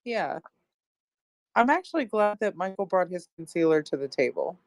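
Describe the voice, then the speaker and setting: A woman co-hosting a casual beauty chat, friendly and quick to laugh. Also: lowish voice, sing-song, no echo. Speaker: guest co-host. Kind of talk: casual chat on a live audio room.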